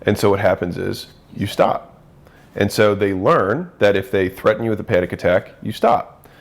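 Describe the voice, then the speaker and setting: A man's voice: fairly low pitch, normal speed, vocal fry. A man talking through ideas in a casual conversation, acting out quoted voices as he goes. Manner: animated, acts out quoted voices.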